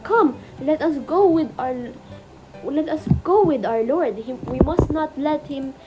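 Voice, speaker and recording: A woman's voice: high voice, measured pace, over music, pitched above the performer's own voice, rough recording. A woman voicing a loyal young soldier who speaks urgently and pleadingly.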